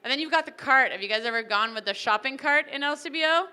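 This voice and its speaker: A young woman doing an animated, chatty stand-up comedy set at a wedding reception, acting out little characters. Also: sits high, fast talker, clean tone.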